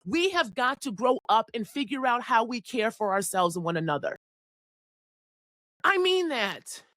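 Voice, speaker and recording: A woman's voice: fairly high pitch, sing-song, measured pace, a bit bright, no echo. A woman in her forties gives a passionate astrology forecast, preaching with a lot of swearing. She sounds close to tears at times. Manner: fiery, preachy, profane, near tears. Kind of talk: impassioned forecast monologue.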